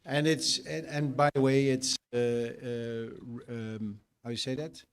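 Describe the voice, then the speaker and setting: A man's voice: mid-range voice, level tone, unhurried, smooth. Hesitant male teacher. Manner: hesitant, many fillers, searches for words. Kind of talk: ceremony address.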